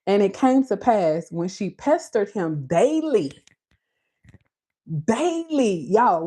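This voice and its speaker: A woman with a Caribbean Creole accent hosting a casual, animated Bible talk, with a husky voice and frequent laughter. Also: medium pitch, takes it slowly. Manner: animated, preachy, laughs often. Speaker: beauty channel host.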